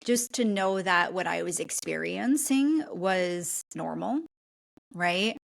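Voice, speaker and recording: Gravelly-voiced woman guest coach. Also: fairly low pitch, expressive, slow. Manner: earnest, reflective, often tags "right?". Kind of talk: conversational podcast interview.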